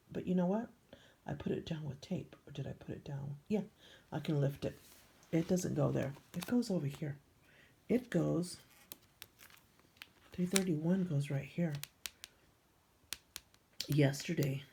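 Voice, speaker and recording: A woman's voice: low voice, vocal fry, dark tone, slight background noise. An older woman chatting casually as she shows her scrapbook pages, meandering with frequent ums. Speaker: scrapbooking vlogger. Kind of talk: casual show-and-tell narration.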